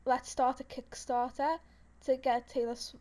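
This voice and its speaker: A young woman with a high voice chats on a podcast. She rambles through gossip with plenty of "um" and "like", and she giggles often. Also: level tone, moderate pace, a little mellow. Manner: rambling, giggly storytelling with many fillers. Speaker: podcast co-host. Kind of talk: casual chat.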